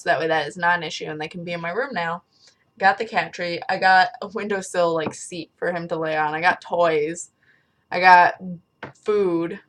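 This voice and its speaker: Young woman vlogger, rambly and casual, a touch low-pitched, talking into a webcam in a small bedroom. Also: a bit bright. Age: young adult. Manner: rambling, chatty, swears casually. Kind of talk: casual chat to camera.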